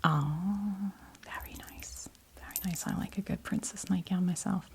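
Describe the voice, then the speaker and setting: A woman's voice: lowish voice, fairly even intonation, unhurried, a little mellow. A woman in her fifties voicing a chatty, fussing grandmother from New Jersey on a video call, in whispered role-play. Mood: tender. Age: 50s.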